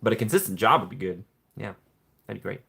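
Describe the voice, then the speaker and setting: A man's voice: quick pace, vocal fry, husky. Playful man hosting a live stream. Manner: playful and jokey, often laughing, with sudden excited jumps in pitch. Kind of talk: casual live stream chat, reading viewer comments.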